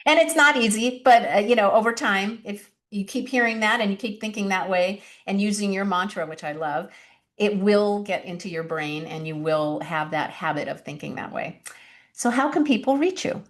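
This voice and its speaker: A woman hosting a podcast, speaking warmly and encouragingly to her guest and her listeners. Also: mid-range voice, normal speed. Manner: warm and encouraging. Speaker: podcast host. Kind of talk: podcast interview talk.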